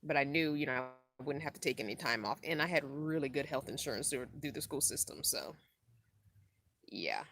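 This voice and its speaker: A woman's voice: rumbling low, expressive, fairly quick, a bit bright, slight background noise. A middle-aged woman hosting a casual live stream, tired from lack of sleep, rambling laid-back and reading viewer comments aloud. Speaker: van-life vlogger hosting a live stream.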